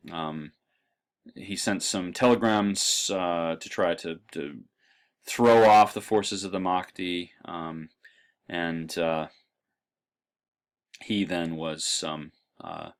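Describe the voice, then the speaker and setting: Deep-voiced lecturer, full of ums. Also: male voice. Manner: halting, lots of ums and uhs. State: dry throat. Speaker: college history lecturer. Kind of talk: classroom lecture.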